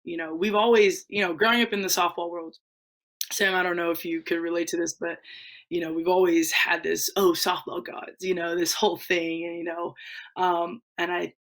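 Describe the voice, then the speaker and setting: A young woman in her twenties, a former softball player talking as a guest in a casual interview, loose and full of fillers. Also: lowish voice, normal speed, low-quality recording. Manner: relaxed, many fillers, laughs easily.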